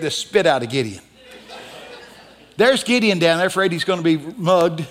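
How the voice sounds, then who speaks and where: A man preaching a sermon as a guest pastor, animated and rising into shouts. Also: a little high, brisk. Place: church sanctuary. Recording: church hall reverb.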